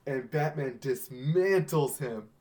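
A man's voice: medium pitch, slow. A man co-hosting a casual movie podcast, eagerly retelling fight scenes beat by beat. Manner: excited play-by-play retelling, quoting characters. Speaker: podcast co-host.

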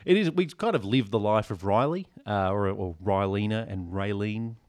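A man's voice: fairly low pitch, normal speed, a little mellow. A man, co-hosting a casual comedy podcast and telling stories in a dry, joking way. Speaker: podcast co-host.

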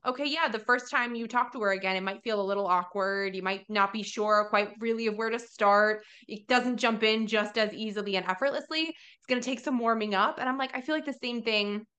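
A woman's voice: on the high side, pushed and bright. A woman hosting a faith podcast, chatting in a rambling, casual way full of "like". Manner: chatty, rambling, heavy use of "like". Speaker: podcast host.

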